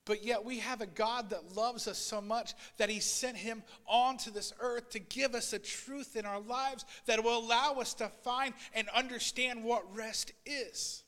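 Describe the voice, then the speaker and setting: A man preaching a sermon as pastor, swinging between loud, urgent passages and quiet asides, and voicing Bible figures in a raised voice. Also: very high-pitched, steady tone, measured pace, few pauses, long reverb tail. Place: church sanctuary.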